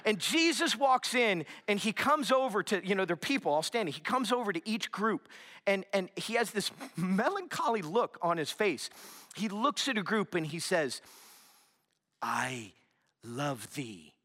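Young guy pastor telling a story in a sermon, bright voice, gets quiet and whispery sometimes. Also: high-pitched, moderate pace. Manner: animated storytelling, drops to a hushed whisper for emphasis.

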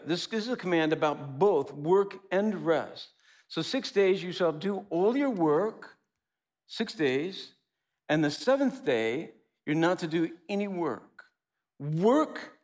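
Animated male preacher with lively pitch. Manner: animated, rhetorical questions and mock dialogues. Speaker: pastor. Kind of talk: sermon.

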